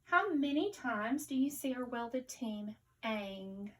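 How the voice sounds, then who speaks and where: A woman with a Southern accent, teaching a patient phonics lesson to young children, sounding words out slowly. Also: on the high side, expressive, fairly bright tone, distant mic.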